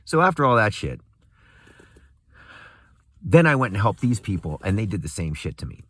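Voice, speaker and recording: A young man with a low voice rants with anger and swearing, and his pitch swings widely as he goes. He laughs bitterly and moves between muttering and a raised voice. The sound is dry and close. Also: very animated, normal speed, fairly bright tone, no room sound. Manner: angry, profane, bitter laughter. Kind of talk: casual rant.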